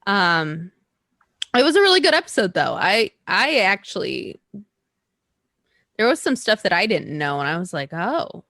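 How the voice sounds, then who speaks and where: A woman's voice: mid-range voice, very animated, measured pace, pauses often, sharp tone, no room sound, clean studio sound. A woman co-hosting a podcast in casual, rambling chat, laughing often. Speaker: podcast co-host.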